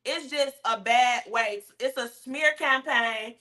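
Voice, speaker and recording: A woman co-hosts a talk show and gives blunt, outspoken comments. Her voice is bright and a little high. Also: takes it slowly.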